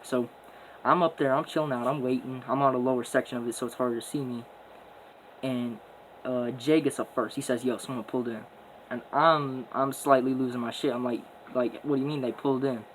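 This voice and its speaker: A man's voice: medium pitch, fairly even intonation, fairly quick, fairly bright tone, slight background noise, low-quality recording. A young man casually telling a story in profane, boastful street slang, rambling as he goes.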